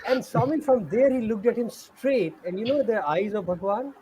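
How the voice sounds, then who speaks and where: A high-voiced man tells stories in a relaxed chat. He acts out the people he quotes. Faint room noise sits under his voice. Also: moderate pace, rough recording. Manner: animated storyteller, acts out quoted speech. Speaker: host sharing stories. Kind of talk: conversational storytelling.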